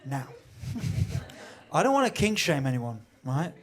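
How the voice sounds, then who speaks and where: Animated stand-up comedian, high voice. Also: male voice, slow pace. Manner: conversational, animated, acts out quoted voices. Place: comedy venue with live audience.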